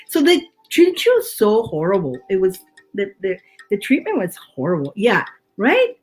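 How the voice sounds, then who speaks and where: A woman from Canada talks casually as a tarot reader, rambling and circling back with many restarts. Her pitch sits in an ordinary middle range. Soft music plays faintly behind her. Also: huge pitch swings, unhurried. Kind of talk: casual chat.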